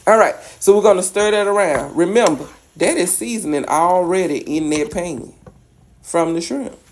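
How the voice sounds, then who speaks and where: A woman's voice: on the low side, normal speed. A woman with a Louisiana accent, chatting sassily while demonstrating a recipe in a home kitchen. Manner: sassy, chatty, coaxing. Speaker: home cook. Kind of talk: cooking demonstration. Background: faint sizzling pan.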